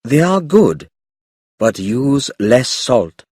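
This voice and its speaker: A man doing a calm old Chinese kung fu priest. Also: medium pitch, husky, no room sound, clean studio sound, full character voice. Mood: calm, instructive. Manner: slow, quiet and measured.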